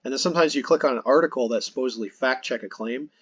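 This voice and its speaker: Husky-voiced man hosting a podcast. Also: mid-range voice, quick pace, dry recording, muffled recording. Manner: earnest, explanatory, with frequent restarts. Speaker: podcast host. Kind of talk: casual podcast conversation.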